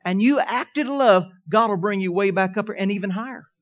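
A man preaching a sermon, telling a personal story in a folksy way, swinging from quiet asides to emphatic declarations. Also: high-pitched, a little fast, dull audio. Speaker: pastor.

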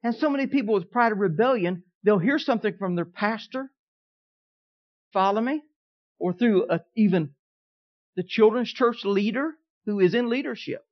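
Pastor guy preaching, folksy storyteller, gets quiet then loud, muffled lo-fi sound. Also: high voice, normal speed. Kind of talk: sermon. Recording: dull lo-fi recording.

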